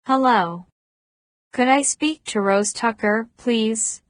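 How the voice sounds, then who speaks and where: A woman's voice: on the high side, takes it slowly, no room sound, studio quality. Woman reading as a wary, persistent man in his thirties. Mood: guarded. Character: wary 37-year-old man, persistent and guarded.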